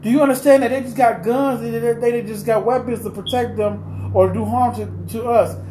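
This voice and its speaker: The recording has a roomy echo and faint ambient noise as a man with an extremely high, warm voice talks at normal speed. He's a vlogger delivering a passionate, unscripted opinion piece, pleading, insistently repeating questions and rambling with restarts.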